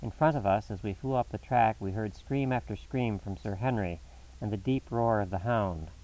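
A man with a low voice narrates a classic story in a measured, dramatic way. He sits a bit back from the microphone, so the sound sounds slightly distant. The delivery is steady and suspenseful. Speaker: audiobook narrator. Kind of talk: scripted narration of a classic novel.

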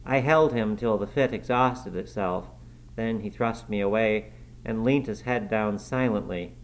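A man reading a classic novel aloud as audiobook narration, measured storytelling. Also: fairly low pitch, a little hiss or hum, low-quality recording. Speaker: audiobook reader. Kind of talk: scripted narration.

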